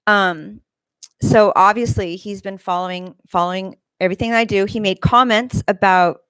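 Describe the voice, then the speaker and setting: A woman's voice: steady tone, moderate pace, a bit bright, smooth, no room sound, low-quality recording. A woman hosting her own show, telling a long story in a casual, rambling way, with lots of fillers and restarts. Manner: mimics people in high squeals. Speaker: host. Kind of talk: casual monologue.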